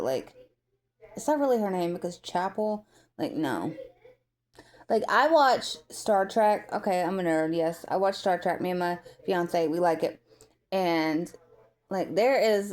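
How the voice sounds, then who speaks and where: A woman's voice: medium pitch, a little mellow. Chatty, opinionated woman vlogger. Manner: chatty, rambling, opinionated, many fillers like "like". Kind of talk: casual commentary vlog.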